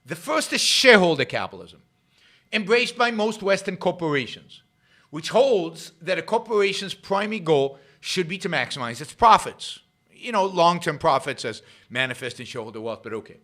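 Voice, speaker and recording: Guy ranting on his own livestream show, pushy and repetitive, voice jumping all over, bright and punchy. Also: sits high, big pitch swings, normal speed. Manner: emphatic, argumentative, repeats phrases for effect. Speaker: show host. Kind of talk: solo political commentary livestream.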